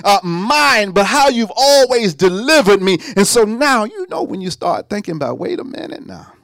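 A man preaching a sermon in a high, very lively voice that climbs into near-song and then drops to a hushed murmur. The sound is dry and close. He talks in an easygoing Southern Black way. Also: no echo. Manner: animated preaching with sung lines and dramatic drops to a hush.

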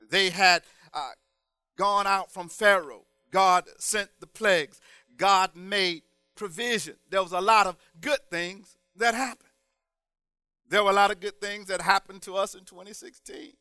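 High, bright-voiced man preaching a sermon. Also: a little slow, clean tone, dry recording, soft background music. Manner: rhythmic preaching, rising to shouted emphasis.

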